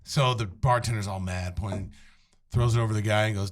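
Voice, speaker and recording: A man's voice: on the low side, fairly even intonation, a little fast. A man hosting a podcast interview, playful and enthusiastic in casual chat. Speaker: podcast host.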